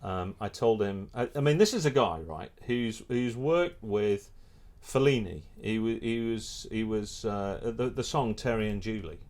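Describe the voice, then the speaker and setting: A middle-aged man, a photographer and filmmaker, telling a lively anecdote in a casual interview, restarting his sentences often. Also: fairly low pitch, measured pace, few pauses. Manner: animated storyteller, many restarts.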